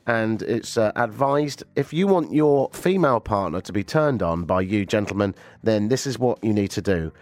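A man's voice: fairly low pitch, lively intonation, normal speed, hardly any pauses, darkish tone, dry recording. A man hosting a talk radio show, with a stuffy nose from a cold. He tells stories with sarcasm and animation. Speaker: radio host. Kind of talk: casual talk radio banter.

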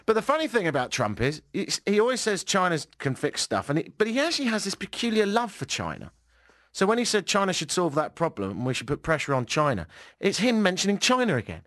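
Sarcastic radio host guy, lively up-and-down voice, dry studio sound. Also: sits high, fast, dry recording. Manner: wry, sarcastic. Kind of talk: casual radio chat.

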